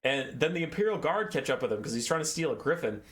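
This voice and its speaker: A man's voice: a little high, very animated, fast talker, fairly bright tone. A young man giving a casual, rambling and sarcastic lore recap, swearing and acting out characters. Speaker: lore video host.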